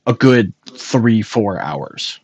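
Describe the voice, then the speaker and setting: A man runs a tabletop game as game master, narrating scenes in a measured, descriptive manner. His voice is low-pitched and husky, and the recording is close and dry. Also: lively intonation, a little mellow, no room sound.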